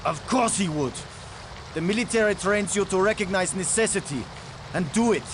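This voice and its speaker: A high-pitched male scientist pinned in the rocks, theatrical and pleading. His lines come from game audio with a clear layer of background noise behind them. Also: animated, moderate pace. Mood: snide. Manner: dramatic, pleading. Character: anxious male scientist trapped in rock.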